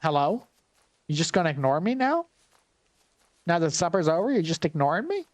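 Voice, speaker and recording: Male gameplay commentator, wry and chatty, thinks aloud, slightly high voice. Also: sing-song, normal speed, no room sound.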